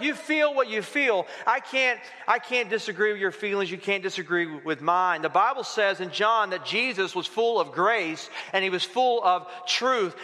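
High-voiced man preaching in a big hall. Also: sharp tone. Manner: conversational preaching with rhetorical questions. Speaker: pastor. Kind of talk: sermon. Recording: reverberant hall.

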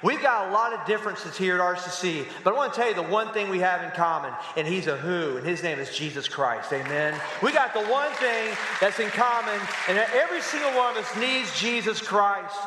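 A man preaching a sermon as pastor, telling stories with animated asides to the congregation. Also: sits high, fairly quick, few pauses, a crowd in the background, background noise. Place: church sanctuary. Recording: echoey hall with long reverb.

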